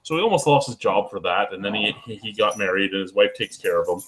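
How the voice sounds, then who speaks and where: A man's voice: lowish voice, animated, quick pace, fairly bright tone, a little hiss or hum, poor audio. A man hosting a beer review show, telling rambling, profane stories in casual chat while a little tipsy.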